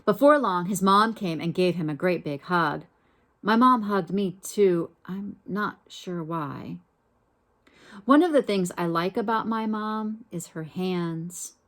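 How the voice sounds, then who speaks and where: A woman reading a children's picture book aloud in a gentle, unhurried way, pausing to ask her listeners questions. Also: fairly low pitch. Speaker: storybook reader.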